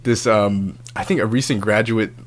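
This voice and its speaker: A man hosting his own show, telling a story in a casual, animated monologue, swearing freely and acting out other people's lines in raised voices. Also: on the low side, moderate pace. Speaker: podcast host.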